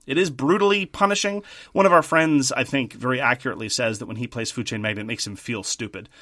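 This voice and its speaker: A man co-hosting a casual board game podcast, talking things through in a thoughtful, measured way and often restarting his sentences. His voice is bright and forward, recorded close and dry with no room sound. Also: medium pitch, no echo. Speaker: podcast co-host.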